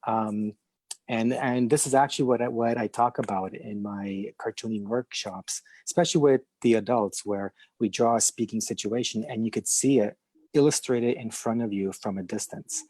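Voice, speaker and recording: Guest, male, Canadian, low husky voice with a stutter, dry close sound. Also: fairly even intonation, moderate pace, darkish tone, no room sound. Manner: stutters, with many fillers and restarts; laughs easily. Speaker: podcast guest, illustrator. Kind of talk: casual conversation.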